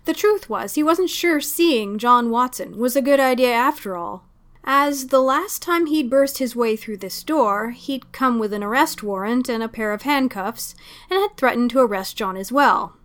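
A woman narrating a story aloud in a steady, expressive storytelling manner. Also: on the high side, normal speed. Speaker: reader. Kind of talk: audiobook fan fiction reading.

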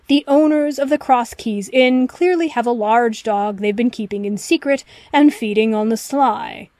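A woman voicing a brilliant, arrogant male detective who lectures in a crisp, dismissive way. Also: fairly high pitch, normal speed, a little mellow, no room sound, natural voice. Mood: lecturing. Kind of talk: audiobook reading of fan fiction.

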